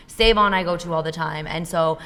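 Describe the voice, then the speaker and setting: A woman's voice: lowish voice, brisk, sharp tone. A female podcast co-host telling everyday anecdotes in a chatty, storytelling way. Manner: chatty storyteller who acts out quotes. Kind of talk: casual chat with anecdotes. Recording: long reverb.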